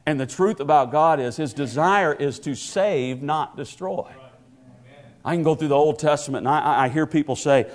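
A man's voice: fairly high pitch, normal speed. A man preaching a sermon, stumbling over repeated words and rising into emphatic proclamations. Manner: stammering restarts, builds to emphatic proclamations.

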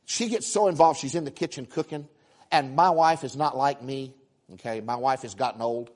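A man preaching a sermon, telling stories with animated acted-out exclamations and quick repeated starts. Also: mid-range voice. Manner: animated, acts out voices and exclamations, frequent repeated words. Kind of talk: sermon storytelling.

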